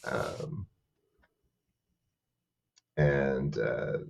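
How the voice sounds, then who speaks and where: A man narrating a tabletop game as game master, halting with many fillers. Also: very deep voice, vocal fry.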